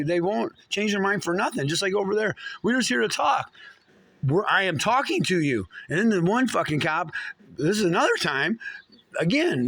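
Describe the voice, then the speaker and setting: A man's voice: high voice, fairly bright tone, no room sound. A man telling his own story in an angry, rambling monologue, swearing often and stumbling through many restarts. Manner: profane, agitated, halting with many restarts.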